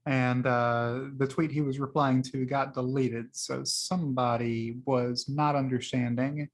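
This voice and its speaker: A man's voice: mid-range voice, flat delivery, unhurried. A man casually talking through the tweets he liked that week, chatty and rambling, with frequent fillers. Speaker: host reviewing liked tweets. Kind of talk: casual screen-share commentary.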